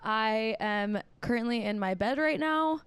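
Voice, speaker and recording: Smooth-voiced young woman hosting a chatty podcast. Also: a little high, a little slow, no room sound. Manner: emotional, giggly, gushing. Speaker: podcast host. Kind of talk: casual solo chat. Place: in her bed at home.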